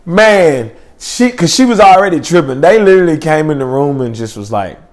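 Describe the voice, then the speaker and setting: A man's voice: fairly high pitch, very animated, normal speed. Young guy rambling thru a funny story, slangy and chill, lots of uh and like. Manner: laid-back slangy rambling with fillers. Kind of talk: casual storytelling.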